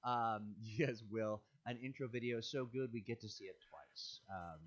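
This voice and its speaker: A man's voice: on the low side, normal speed, dull audio, a little hiss or hum. A man hosting a casual livestream chat over a video call, reading viewer comments with playful jokes and frequent laughs. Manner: joking, laughs often, playful asides. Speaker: host and show producer.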